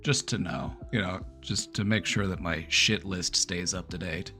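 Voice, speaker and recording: A man's voice: low voice, normal speed, pushed and bright, faint music behind. A man hosting a livestream, talking casually and bluntly to his chat, swearing freely. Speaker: livestream host.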